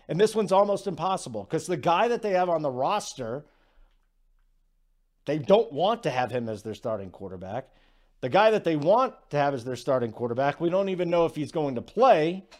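A man's voice: fairly high pitch, expressive, a little mellow. Chatty sports betting host, man. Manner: conversational, self-deprecating, quick asides. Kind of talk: casual sports talk.

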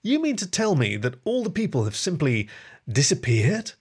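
Anxious pleading otter husband, high and husky, as a man voices him. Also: wildly swooping pitch, normal speed, exaggerated voice. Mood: pressing. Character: nervous, frightened male otter husband.

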